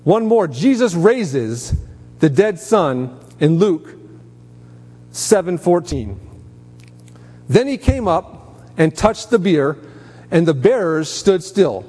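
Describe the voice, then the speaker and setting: A man's voice: a little high, sing-song, slow, pauses often, warm tone, slightly rough. A man preaching a sermon, emphatic, lifting his voice sharply on quoted commands. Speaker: pastor. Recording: long hall reverb.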